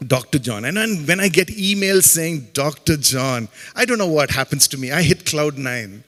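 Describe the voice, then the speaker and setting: A man's voice: on the high side, lively intonation, moderate pace, fairly bright tone. A middle-aged man from Chennai with an Indian English accent, giving a humorous, faith-based talk as a guest speaker and tossing jokey asides to the audience. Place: campus auditorium. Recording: long hall reverb in an auditorium.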